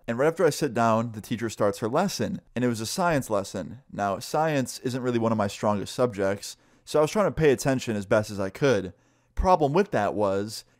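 A man's voice: mid-range voice, animated, normal speed, no room sound, studio quality. A young man casually telling a story, rambling with lots of "like" and swearing freely. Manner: loose, profane, full of "like".

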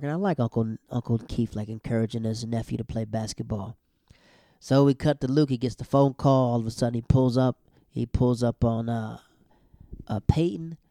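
Mellow-voiced young man, chatty recap, acts out lines, dry close recording, animated delivery. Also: mid-range voice, normal speed, no room sound. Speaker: show recap host. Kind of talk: casual TV episode recap.

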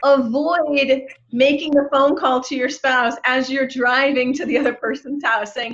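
A woman appearing as a podcast guest, giving relationship advice in a brisk, advising manner and acting out example dialogue. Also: high voice, steady tone, a bit bright, highs cut off. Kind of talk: advice in casual chat.

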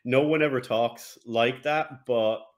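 A man's voice: medium pitch, slow pace. A man co-hosting a podcast, joking and laughing through casual chat. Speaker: podcast co-host.

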